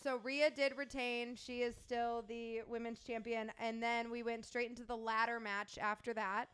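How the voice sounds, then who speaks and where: Chatty woman with a smooth voice. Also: a little high, level tone, normal speed, fairly bright tone. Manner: chatty, laughs often while storytelling. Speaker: podcast co-host. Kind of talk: casual recap chat.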